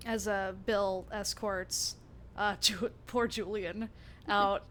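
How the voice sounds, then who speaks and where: A woman's voice: mid-range voice, steady tone, takes it slowly, a bit bright, a little hiss or hum. A woman game master narrating a tabletop role-playing scene, rambling and laughing often.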